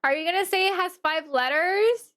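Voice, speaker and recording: Very high-voiced, exasperated woman streamer. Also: moderate pace. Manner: animated and exasperated, talking to chat, swinging from grumbling to shrieking; mutters to herself while working settings. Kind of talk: live-stream chat while gaming.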